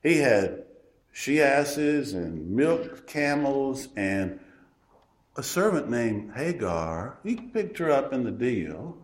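A man preaching a sermon in a folksy, emphatic way, swinging from loud declarations to hushed asides. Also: medium pitch, big pitch swings, takes it slowly. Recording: roomy echo.

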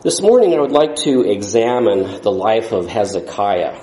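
A man's voice: fairly low pitch, big pitch swings, moderate pace, warm tone, roomy sound, rough recording. A man preaching a sermon in a folksy, rambling way, with jokes along the way.

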